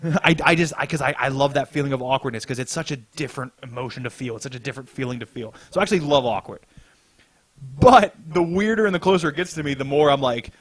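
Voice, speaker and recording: A man's voice: medium pitch, quick pace, fairly bright tone, no room sound. A young man hosting a podcast, telling a story in casual chat, swearing a lot and laughing as he goes. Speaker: podcast host.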